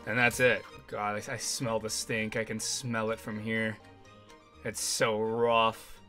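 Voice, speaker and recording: A young man giving loud, excitable gameplay commentary with frequent yelling and swearing. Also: on the low side, normal speed, faint music behind. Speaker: gaming YouTuber.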